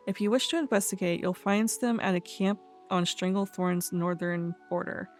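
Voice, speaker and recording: A woman's voice: on the low side, normal speed, faint music behind. A woman casually commenting on a game, reading quest text aloud, laughing and stumbling over fantasy names. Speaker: let's play host.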